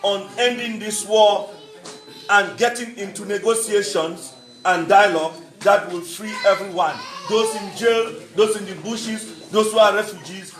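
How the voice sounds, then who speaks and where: A man's voice: high voice, steady tone, a little slow, a bit bright, reverberant, soft background music, rough recording. A man giving an earnest, emphatic speech at a book launch, repeating phrases for weight. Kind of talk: public speech.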